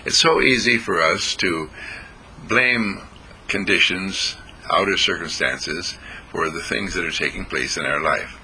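A man giving an inspirational daily thought in a slow, deliberate, folksy manner, often clearing his throat. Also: sits low, pushed and bright, a little hiss or hum, poor audio. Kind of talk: inspirational radio talk.

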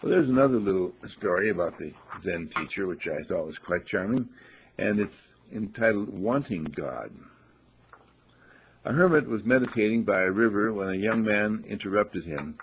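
Male spiritual teacher, gravelly low voice, husky, soft-spoken storyteller, dull lo-fi recording. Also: animated, normal speed, a little hiss or hum. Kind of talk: reflective spiritual talk with told stories.

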